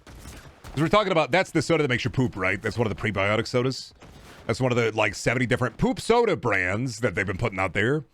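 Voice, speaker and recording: A man's voice: medium pitch, sing-song, fast talker, fairly bright tone. A young man streaming, rambling jokily and swearing in casual chat. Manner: jokey, profane, slips into silly put-on voices.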